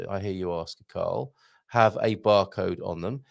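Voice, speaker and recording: A man's voice: unhurried, vocal fry. A middle-aged man hosting a live stream, chatting playfully, greeting viewers by name and making puns. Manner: lively up-and-down pitch, jumps high for greetings. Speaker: host. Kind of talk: live-stream chat reading viewer comments.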